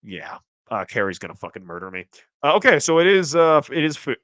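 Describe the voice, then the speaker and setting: A man hosting a casual livestream, reading chat aloud and rambling, with restarts and sudden excited jumps in pitch. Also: fairly quick, no room sound. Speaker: streamer host reading chat.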